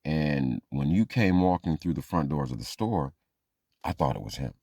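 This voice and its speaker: A man's voice: very deep voice, big pitch swings, moderate pace, darkish tone, breathy edge, no echo, clean studio sound, full character voice. A man voicing a clingy, grieving older woman in a comic story, rambling and pleading.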